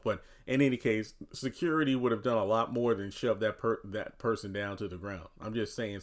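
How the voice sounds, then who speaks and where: A man giving casual commentary on a TV episode, talking loosely with lots of "you know" and "uh". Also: fairly low pitch. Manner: animated voicing of quoted characters. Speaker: TV recap commentator.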